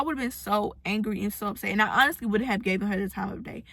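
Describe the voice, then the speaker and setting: A woman's voice: mid-range voice, fast, creaky, a bit bright, no echo. A young woman giving a casual, earnest motivational talk to her followers, acting out the voices of people she quotes. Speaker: self-help vlogger.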